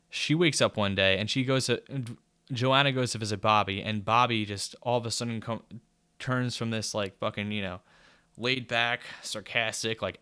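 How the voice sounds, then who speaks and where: A man's voice: lowish voice, pushed and bright, smooth, no echo. Casual, cursing man reviewing a book. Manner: rambling, profane, sarcastic.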